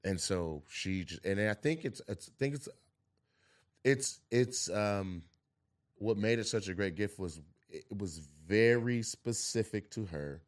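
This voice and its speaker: A man with a very low voice talks slowly and thoughtfully, hesitating and restarting while he looks for the right words. He speaks as the host of a relaxed conversation. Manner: reflective, searching for words. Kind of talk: casual chat.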